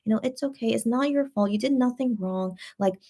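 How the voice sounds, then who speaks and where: A young adult woman hosting a casual livestream, reading out viewer comments and talking them through in a halting, comforting way with many restarts. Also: a little high, warm tone. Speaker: livestream host reading fan chat.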